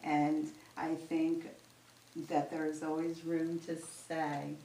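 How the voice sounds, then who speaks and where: Middle-aged woman talking slow at a church thing, kinda low voice, roomy echo, faint background hum. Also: little pitch movement, mellow. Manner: slow, reflective and heartfelt, with storytelling asides. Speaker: spiritualist medium giving a talk. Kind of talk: Mother's Day talk at a church service. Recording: roomy recording from far off, faint ambience.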